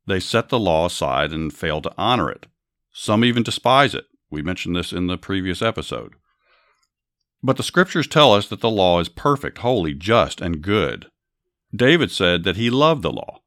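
Deep male podcast host, earnest scripted Bible narration, dry close mic. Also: fairly bright tone, no echo.

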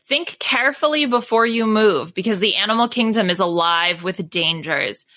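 Woman reading an adventure book out loud, bright clear voice, dry sound. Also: medium pitch, moderate pace, no echo. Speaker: host reading a story. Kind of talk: reading a gamebook aloud.

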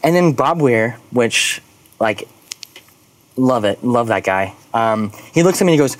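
Animated man telling a story, lots of fillers. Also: medium pitch, measured pace, no echo. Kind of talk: casual storytelling.

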